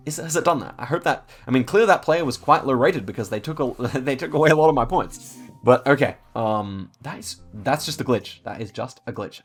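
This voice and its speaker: A man's voice: mid-range voice, slightly rough. A man giving casual commentary on his own game, thinking aloud and stumbling over words with frequent fillers.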